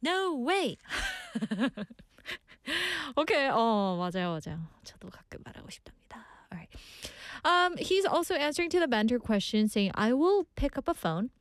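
A woman's voice: fairly high pitch, very animated, rapid-fire, no echo, clean studio sound. A young woman hosting a radio show, chatting playfully between two languages as she reads listener messages and laughs often. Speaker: radio DJ host.

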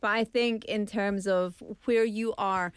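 Woman, mid pitch, animated and opinionated, dry close recording. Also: measured pace, clean tone, dry recording. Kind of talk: casual chat.

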